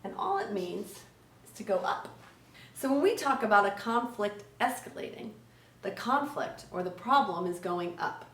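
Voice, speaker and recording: A woman trainer teaching a conflict resolution lesson to children in an energetic way. She asks questions and often adds "right?". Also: mid-range voice, moderate pace, a little hiss or hum. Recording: echoey room, mic at a distance.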